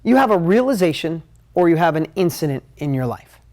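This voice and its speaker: A man teaching a live motivational talk at a whiteboard, energetic, emotional and conversational. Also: on the high side, brisk. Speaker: motivational business coach.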